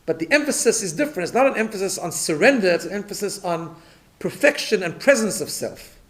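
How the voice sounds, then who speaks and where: A man's voice: sits high, animated, a little fast. A man, a rabbi, teaching a Torah class, explaining step by step and often checking in with his listeners. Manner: repeats words when restarting.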